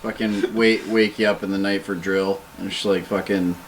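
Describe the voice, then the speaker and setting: A man's voice: sits low, level tone, normal speed, a little hiss or hum, poor audio. A man chatting casually as a host, swearing freely and reacting to a story. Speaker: podcast host. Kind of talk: casual chat.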